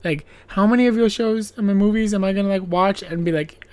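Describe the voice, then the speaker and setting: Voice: mid-range voice, brisk, few pauses, darkish tone, clean tone. A podcast host recapping a horror film in a casual, profane, rambling way, with sarcastic asides and laughing at their own jokes.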